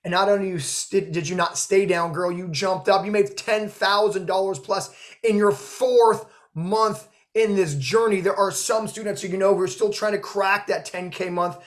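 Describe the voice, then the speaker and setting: A man hosting a training interview, gushing and effusive, full of "like" and warm praise. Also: high voice, fairly even intonation, moderate pace. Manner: effusive, gushing, filler "like" and "girl". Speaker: host, notary trainer. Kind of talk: emotional interview chat.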